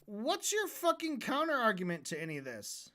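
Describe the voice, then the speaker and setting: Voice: medium pitch, huge pitch swings, moderate pace, bright, forceful tone. A streamer reacting to a debate, ranting and mocking in a profane voice.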